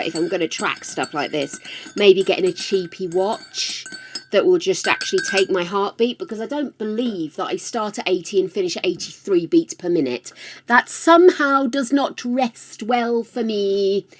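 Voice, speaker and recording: An older woman chatting casually on a live stream, affectionate and talkative, calling her viewers darlings. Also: medium pitch. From United Kingdom.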